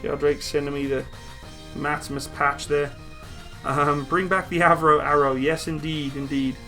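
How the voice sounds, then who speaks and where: A man's voice: a little high, little pitch movement, unhurried, bright, forceful tone, soft background music. A man hosting a casual live stream from a room at home, reading viewer comments aloud and answering them upbeat.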